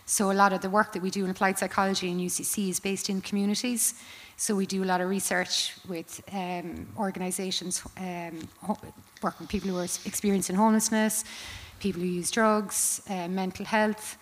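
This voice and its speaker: A woman from County Clare with a Cork accent, a psychology lecturer explaining things as an interview guest in a measured way. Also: mid-range voice, level tone. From County Clare, Ireland. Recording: long hall reverb.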